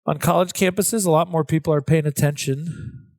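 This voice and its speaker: A man's voice: a little high, fairly even intonation, moderate pace, darkish tone, no room sound. A man, a priest, chatting easily on a podcast, with hesitant restarts. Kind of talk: casual podcast chat.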